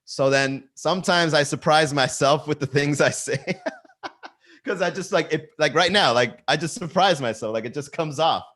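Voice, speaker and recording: Bright-voiced man riffing and laughing at himself. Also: a little high, normal speed. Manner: laughs at his own jokes, riffs, self-mocking. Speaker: comedian hosting a daily livestream. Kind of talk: casual solo livestream chat. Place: his garage. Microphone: talking to a camera.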